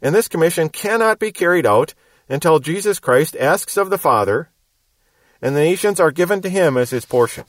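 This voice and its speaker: Measured man teaching Scripture verse by verse. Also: fairly high pitch, animated, no room sound. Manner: measured, explanatory, emphatic on key words. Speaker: Bible teacher.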